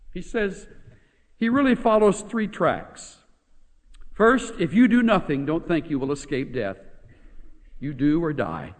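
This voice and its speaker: A man preaching a sermon, moving from hushed lines to emphatic, dramatic ones. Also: mid-range voice. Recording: long hall reverb.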